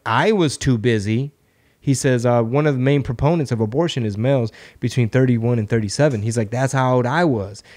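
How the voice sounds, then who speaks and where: Podcast host, male, mid-pitched, loose storyteller who leans on quotes. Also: a little mellow. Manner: retells stories with many "he's like" quotes. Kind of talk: casual chat.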